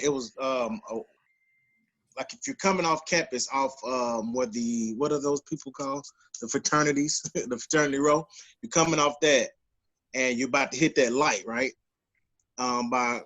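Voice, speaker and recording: A man tells a story on a casual podcast. He gets animated and loudly acts out the people he quotes. His voice sits in an ordinary middle pitch. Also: rough recording. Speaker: podcast co-host.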